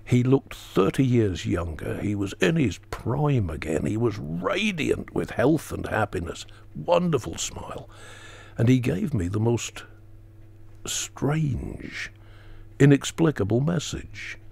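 A man telling a personal story as a talk show guest, earnest and slowing down for emphasis. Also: medium pitch, very animated, creaky, a little mellow, husky. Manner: earnest, dramatic pauses, acts out quotes; slows for emphasis.

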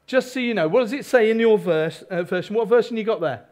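High-voiced man preaching. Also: fast. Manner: animated preaching with asides to the congregation. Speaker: pastor. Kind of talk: sermon.

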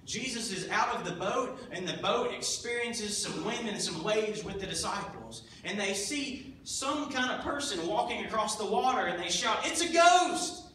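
A man preaching a sermon in a church, telling Bible stories with lively acted-out voices. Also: high voice, moderate pace, hardly any pauses, a little hiss or hum. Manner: animated storytelling, acting out voices. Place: church sanctuary. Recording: echoey hall, mic at a distance.

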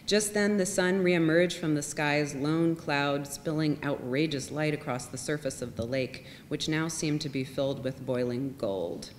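Woman, reading fiction aloud, measured, faint rumble, long reverb. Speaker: reader.

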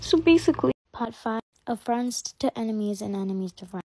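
Chatty high-voiced woman. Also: expressive, a little fast, few pauses, darkish tone, no echo. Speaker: roleplay creator. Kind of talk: casual video intro.

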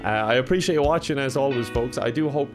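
A man's voice: medium pitch, fast talker, over music. A young man giving jokey let's-play commentary on a game, laughing often and reacting with exclamations. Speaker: gaming YouTuber.

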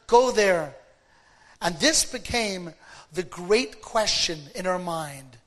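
Slow, high-voiced rabbi telling a story. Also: male voice, animated, a bit bright. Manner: dramatic, emphatic storytelling. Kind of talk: sermon storytelling.

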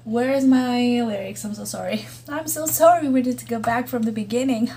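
A woman's voice: a little high, moderate pace, gravelly, dark tone. A woman hosting a reaction video, gushing and exclaiming as she watches, with faint music behind her. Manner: gushing, exclamatory, laughs and gasps often. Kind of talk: excited reaction commentary over a music video.

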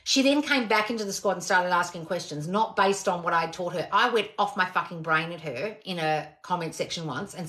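A woman's voice: fairly low pitch, fast, few pauses, fairly bright tone. A woman, a manifestation coach answering questions on a live stream, blunt and exasperated, swearing often.

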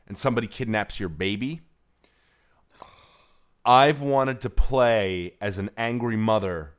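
A young man co-hosting a casual gaming podcast, loose and profane, laughing often. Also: lowish voice. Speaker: podcast co-host. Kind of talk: casual chat.

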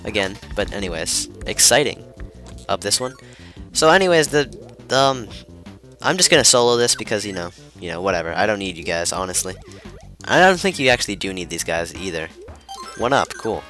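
A man's voice: deep voice, lively intonation, brisk, sharp tone, faint music behind. Flustered young man rambling over gameplay. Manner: rambling, flustered, many fillers and restarts. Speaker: let's player. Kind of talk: gameplay commentary.

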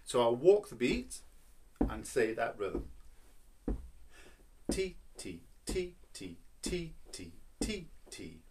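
A man teaching a children's violin lesson, patient and playful, counting beats and explaining step by step. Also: mid-range voice.

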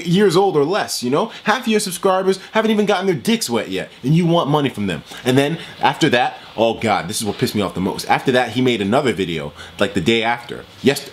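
Fired-up, swearing male gaming host. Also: mid-range voice. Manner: worked up, profane, repeats himself. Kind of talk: ranting commentary over gameplay.

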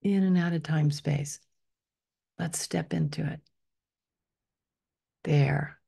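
A woman, a spiritual teacher, leading a guided meditation in a soft, unhurried voice that often drops to a whisper on affirmations. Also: low voice, steady tone, creaky, breathy edge.

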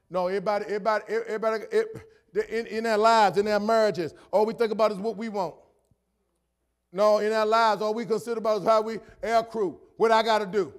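High-voiced preaching man, repeating himself. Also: brisk. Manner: preaches conversationally, repeating phrases for emphasis; builds to shouted emphasis. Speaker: pastor. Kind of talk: sermon.

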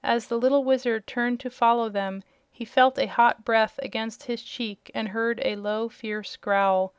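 A woman narrating a children's storybook with steady, measured reading. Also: on the high side, smooth, no room sound. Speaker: audiobook narrator.

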